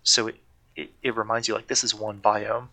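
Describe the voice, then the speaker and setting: A man's voice: fairly low pitch, flat delivery, moderate pace, bright, forceful tone. A man co-hosting a casual podcast, talking eagerly and rambling, often correcting himself. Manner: enthusiastic, rambling, self-correcting. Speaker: podcast co-host.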